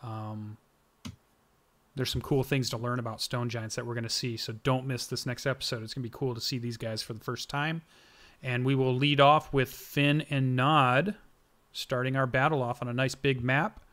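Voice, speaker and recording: A man's voice: mid-range voice, fairly even intonation, normal speed, a bit bright. A man serving as game master, casually wrapping up a streamed tabletop game session with loose, rambling announcements and frequent ums. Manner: casual, loose, with many ums and self-corrections.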